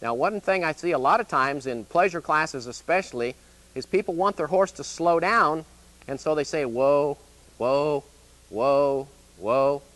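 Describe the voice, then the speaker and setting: A man's voice: a little high, animated, moderate pace, fairly bright tone. A man with a Midwestern US accent, an extension educator giving a plain-spoken, folksy horse training lesson, often checking in with "okay?".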